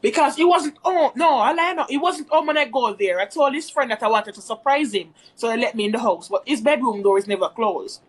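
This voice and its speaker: High-voiced chatty woman vlogger. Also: expressive, brisk, hardly any pauses, slightly rough. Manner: rambling, chatty, addresses viewers as guys. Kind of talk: casual storytime vlog.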